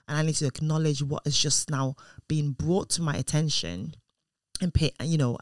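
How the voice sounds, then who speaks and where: A woman's voice: sits low, no room sound, clean studio sound. A woman, a mother in her thirties, telling a personal story in a casual way, acting out what people said and often restarting her sentences. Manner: animated, acts out quoted voices, restarts often.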